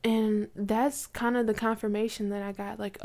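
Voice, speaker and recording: A woman's voice: fairly high pitch, level tone, normal speed, hardly any pauses, mellow. A woman in her twenties casually telling a personal faith story, chatty, with lots of likes and you knows. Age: 20s.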